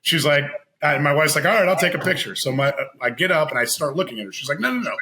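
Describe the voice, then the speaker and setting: A man telling a long personal story in casual chat as a podcast guest, animated and laughing, acting out what others said. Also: a little high, fast talker, poor audio. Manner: animated, laughing, acts out quoted voices.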